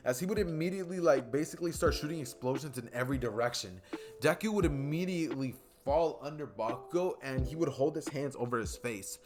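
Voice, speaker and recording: A man's voice: medium pitch, animated, brisk. A young man casually narrating a fan story he makes up as he goes, rambling, with fillers.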